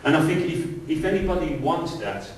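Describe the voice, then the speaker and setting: A middle-aged pastor preaches in a sing-song, slightly high voice at a moderate pace, keeping his sermon conversational and pressing rhetorical questions on the congregation. The church hall echoes a lot, the mic is far away, and faint hiss is present.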